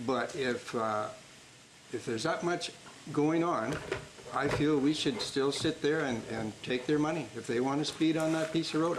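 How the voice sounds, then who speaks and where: A man's voice: mid-range voice, slight background noise, poor audio. An older man, a city councillor, speaking bluntly and plainly in a council debate, with hesitant fillers. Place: council chamber.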